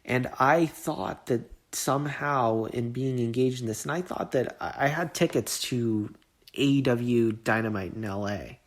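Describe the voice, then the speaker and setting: A man's voice: medium pitch, a little slow. A man hosting his own podcast, giving an earnest, emotional monologue and often repeating and restarting his words. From Southern California. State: getting emotional. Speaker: podcast host.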